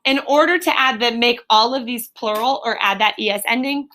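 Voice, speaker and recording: A woman teaching a third grade class in a classroom, sounding out spelling words slowly and clearly. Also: fairly high pitch, bright, forceful tone. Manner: clear, drawn-out word sounding. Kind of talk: classroom phonics lesson.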